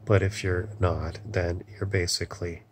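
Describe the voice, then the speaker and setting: A man's voice: low voice, flat delivery, a little slow, a little hiss or hum. A man in an angry, rambling political rant, swearing often and leaning on "you know". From Canada.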